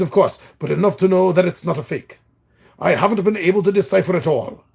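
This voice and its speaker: A man's voice: high voice, gravelly, a little mellow, husky, heavily acted. A man voicing an old male friend who reads out a formal letter in a put-on foreign accent.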